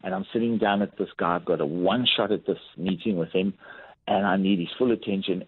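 Over a tinny, phone-like line with no room sound, a lifestyle coach in a podcast interview tells workplace anecdotes in a deep, fairly quick voice with a breathy edge. He tells them animatedly and acts out what people said.

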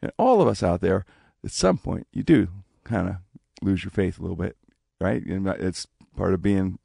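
A man casually telling a personal story, animated, acting out the voices of people he quotes. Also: moderate pace, gravelly, slightly rough, no room sound, clean studio sound. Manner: animated, acts out quoted speech with big pitch jumps.

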